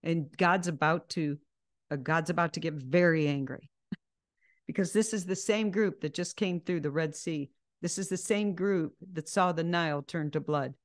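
A woman's voice: deep voice, moderate pace. A woman leading an informal Bible study over a video call, talking freely and often restarting her sentences. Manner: chatty, with frequent restarts and self-corrections.

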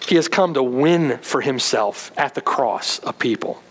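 A pastor preaching an earnest sermon, retelling scenes vividly. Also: male voice, medium pitch, expressive, measured pace, slightly rough, big-room sound, low-quality recording.

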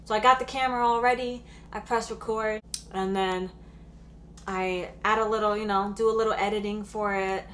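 Woman vlogger, 30s, mid-pitched, chatty and excitable, slight hum on the track. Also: normal speed. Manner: chatty, many "like" fillers, bursts of excitement. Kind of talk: casual storytelling vlog.

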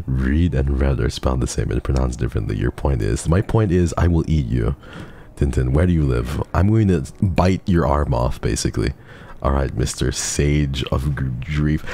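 Deep gravelly man teasing his chat. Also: normal speed, mellow, a little hiss or hum. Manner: teasing, profane, mock-menacing banter with chat. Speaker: streamer. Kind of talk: casual gaming stream chat.

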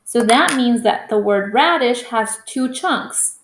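Slow, patient woman teaching phonics. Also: on the high side, expressive, reverberant, a little hiss or hum. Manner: slow, patient, stretches out vowel sounds. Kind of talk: phonics lesson for young children.

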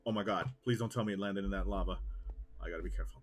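A young man giving excitable, jokey live commentary while streaming a game. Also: medium pitch, fairly quick, soft background music.

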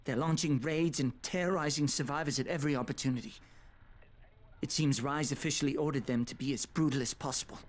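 A man's voice: on the high side, fairly quick, close to an everyday voice. An actor playing a cheerful, tech-savvy male survivor with a British accent, speaking in a friendly, upbeat way. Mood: briefing.

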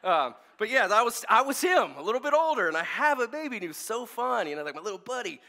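Bright-voiced pastor, animated storyteller. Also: male voice, extremely high pitch, quick pace. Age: 40s. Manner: casual, animated, many fillers and restarts. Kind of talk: storytelling sermon. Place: church service.

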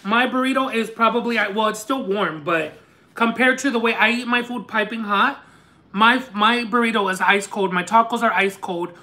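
A man hosting a live eating stream, telling a story in an animated, chatty, lightly sarcastic way. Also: high-pitched, normal speed. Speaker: mukbang host. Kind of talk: casual storytelling while eating on a livestream.

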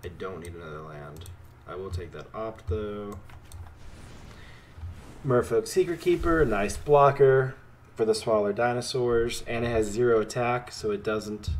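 A man giving casual commentary while playing a card game, talking to his opponent and swinging between excited outbursts and quiet muttering. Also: on the low side, unhurried.

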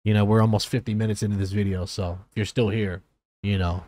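A man's voice: on the low side, level tone, fast, darkish tone. A man from Philadelphia and New Jersey, a streamer and reaction host, talking to his viewers in a rambling, sincere way, with many fillers and restarts. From Philadelphia and New Jersey, USA. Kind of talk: casual heartfelt talk to viewers.

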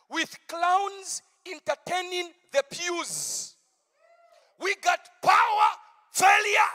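A male pastor with a very high-pitched voice preaches a campmeeting sermon in a large hall. His delivery swings between quiet asides and long, shouted proclamations.

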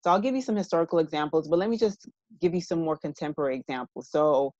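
A woman giving an evening university lecture in a measured, explanatory way, often checking in with her listeners. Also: sits low, darkish tone, no room sound, highs cut off.

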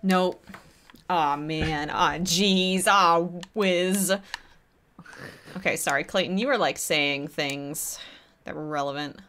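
A woman casually chatting and laughing on a charity game stream, yelping loudly when she fails. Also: low-pitched, slow, a little hiss or hum. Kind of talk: casual chat while playing a game.

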